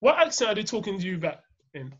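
A man's voice: high-pitched, sing-song, fast, a bit bright, slightly rough. A young man hosting a casual chat, loose and laughing, with "innit" at every turn. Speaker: podcast host. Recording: dull lo-fi sound.

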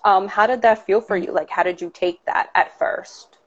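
A woman's voice: medium pitch, fairly even intonation, normal speed, muffled recording. A woman in a casual conversation who asks questions and keeps checking in with "right" and "you know.".

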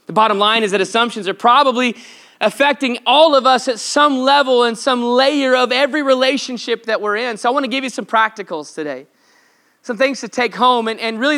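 High, bright-voiced male pastor. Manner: conversational, playful, emphatic. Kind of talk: sermon.

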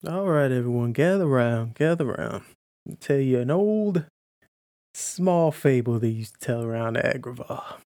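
A man playing a tabletop game, telling a campfire fable in an animated, playful way. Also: mid-range voice, a little slow, dry recording. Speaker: player.

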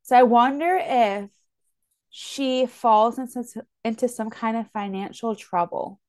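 A woman co-hosting a book podcast, chatting casually with frequent restarts and fillers. Her voice is slightly high and recorded dry, with no room sound. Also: unhurried, no echo. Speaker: podcast co-host.

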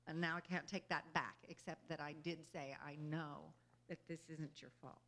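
A woman with a bright, forceful voice gives an inspirational talk to a group. She speaks earnestly and conversationally, keeps checking in with her listeners, and laughs easily between thoughts. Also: low-pitched, fairly even intonation, moderate pace. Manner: earnest and conversational, often asking "you know?". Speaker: spiritual speaker.

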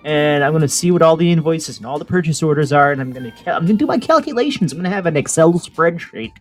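A man's voice: a little high, fairly even intonation, quick pace, soft background music. A man co-hosting a podcast, riffing in joking, salesy casual banter. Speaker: podcast co-host.

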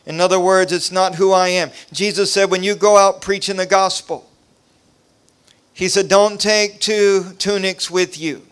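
A middle-aged man preaching at a revival, his voice a touch high and clean. He presses his points with rising emphasis, then settles into quieter storytelling. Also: steady tone, a little slow, clean tone. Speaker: pastor. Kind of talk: revival sermon.

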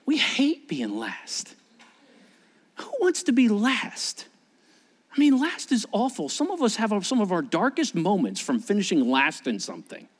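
A man preaching a sermon as pastor, animated and acting out scenes, often restarting his words. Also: high voice, unhurried, long reverb tail.

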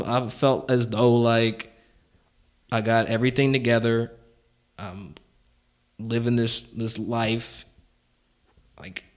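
A man's voice: mid-range voice, fairly bright tone. A man hosting a casual chat, telling a personal story candidly with lots of "like" fillers and frequent chuckles.

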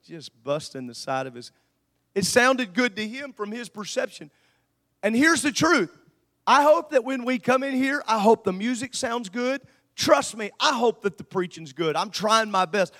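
A male pastor preaching a sermon, moving from quiet asides to shouted peaks. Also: high voice, expressive, measured pace.

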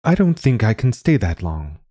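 A man voicing a gentle alien visitor that speaks in a halting, careful way in an audiobook story. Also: fairly low pitch, very animated, breathy edge, dry recording. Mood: earnest. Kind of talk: audiobook reading.

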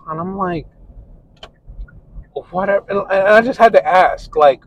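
A man's voice: high voice, slow pace, pauses often, poor audio. A man hosting a casual podcast monologue, telling a story in a rambling, profane way. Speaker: podcast host.

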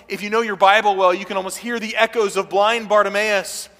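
A man preaches from the pulpit, his voice high and piercing. He swells into loud, urgent passages and carries long reverb from the church hall around him. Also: steady tone, a little fast, hardly any pauses. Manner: preaching with rising intensity, voicing quoted pleas loudly. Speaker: pastor. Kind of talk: sermon.

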